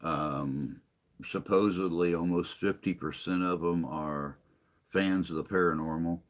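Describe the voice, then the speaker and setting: A man's voice: low voice, fairly even intonation, a little slow. An older man hosting a casual livestream chat, reading viewer comments aloud in a rambling, self-deprecating way.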